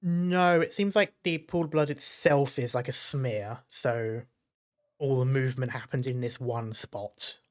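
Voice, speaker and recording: A man's voice: medium pitch, unhurried. Male dungeon master, mid voice, casual fill-heavy scene narration. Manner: descriptive, relaxed, many fillers. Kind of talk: narrating a tabletop game.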